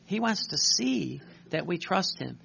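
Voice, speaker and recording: A man preaching a sermon, reading passages aloud, halting with many fillers and restarts and clearing his throat often. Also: high-pitched, sing-song, bright, forceful tone. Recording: muffled recording with faint hum.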